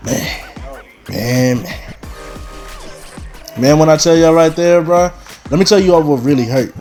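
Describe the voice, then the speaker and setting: A man's voice: a little high, unhurried, long pauses, soft background music. A young man telling a personal story on his channel and talking straight to his viewers. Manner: animated storyteller, talks straight to the audience. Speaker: vlogger. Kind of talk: casual storytime.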